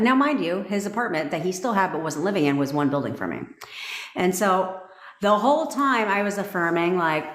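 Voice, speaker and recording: A woman coach telling a story on a livestream, brash and profane, talking quickly. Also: lowish voice, roomy sound. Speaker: manifestation coach.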